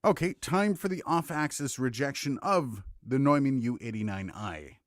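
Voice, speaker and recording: A man hosting a casual tech demo as a microphone reviewer, talking straight into a studio condenser mic with lively, joking asides. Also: mid-range voice, moderate pace, no echo.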